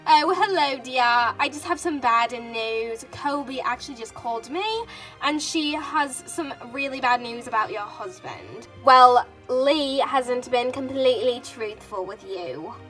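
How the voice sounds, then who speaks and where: A woman's voice: on the high side, a bit bright, faint music behind. A woman voicing a sweetly scheming mother. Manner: falsely sympathetic, measured.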